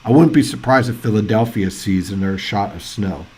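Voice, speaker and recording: A man hosting live weather coverage, chatty and excitable, thinking out loud as reports come in. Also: fairly low pitch, a little fast, husky. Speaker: weather livestream host. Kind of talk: casual live weather commentary.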